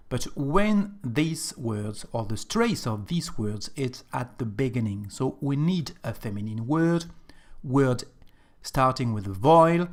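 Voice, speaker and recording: Slow, patient male language teacher. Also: medium pitch. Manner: slow, patient, repeats examples. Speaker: Spanish teacher. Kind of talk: explanatory lesson.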